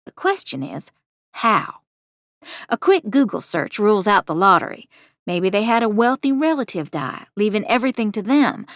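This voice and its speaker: Animated young woman narrating an audio drama. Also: mid-range voice, normal speed, no echo, clean studio sound. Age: young adult. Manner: breathless, animated.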